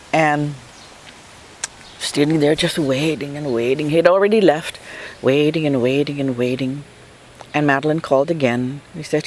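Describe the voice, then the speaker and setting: A woman's voice: sits low, darkish tone, a little hiss or hum. An older woman from Guam recounting a personal memory for an oral history, emotional and reflective, often repeating words for emphasis. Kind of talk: personal storytelling.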